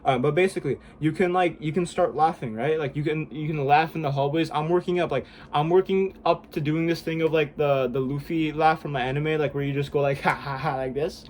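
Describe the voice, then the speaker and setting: Rambling young man, slightly high voice. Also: steady tone, a little fast, hardly any pauses, slight background noise. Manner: rambling, heavy use of "like" and "bro", self-conscious. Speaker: vlogger. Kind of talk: casual self-help vlog. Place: room indoors at home.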